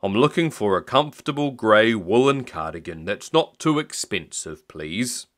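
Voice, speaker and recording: A man reading aloud, voicing an easygoing, stubborn old grandfather who speaks slowly and mildly. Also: fairly low pitch, expressive, fairly bright tone. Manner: slow, mild, stubborn.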